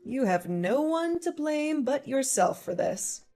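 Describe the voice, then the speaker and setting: A woman voicing a calm, pregnant young wife who answers her sister-in-law with dry sarcasm, in a dramatized story. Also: high voice, unhurried, soft background music, heavily acted. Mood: cool. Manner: cool, composed, dryly sarcastic. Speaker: voice actor.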